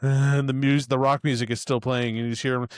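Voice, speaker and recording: A man's voice: medium pitch, flat delivery, quick pace, clean tone, dry recording, studio quality. A man co-hosting a podcast who jumps in eagerly to retell his favorite moments. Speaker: podcast co-host. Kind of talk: casual movie chat.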